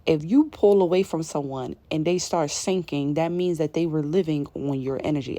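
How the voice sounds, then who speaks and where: In a low-pitched, mellow voice, a woman passes along an intuitive spiritual message to those watching. Her talk is casual and slangy, emphatic, and circles back over the same points.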